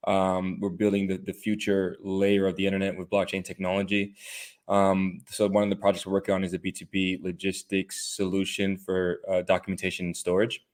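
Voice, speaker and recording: A man chatting casually on a podcast, talking in a relaxed, hesitant way. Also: low voice, a little fast. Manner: relaxed, hesitant with fillers and restarts.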